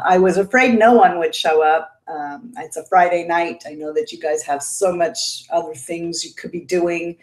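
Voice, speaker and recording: A woman's voice: lowish voice, darkish tone, echoey room. A woman in her fifties, chatty and emotional, laughing often as she reads viewer comments aloud on her beauty livestream. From Indiana, United States. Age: 50s. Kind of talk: casual livestream chat, reading viewer comments.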